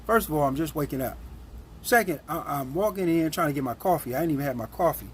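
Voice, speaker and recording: Guy telling a wild story, slangy and blunt, slightly high voice, faint hiss behind. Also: animated, fast talker. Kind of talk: casual storytelling.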